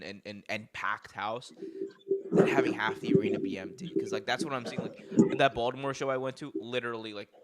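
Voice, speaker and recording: A young man co-hosting a casual wrestling podcast, talking loosely with lots of filler words. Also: on the low side. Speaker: podcast co-host.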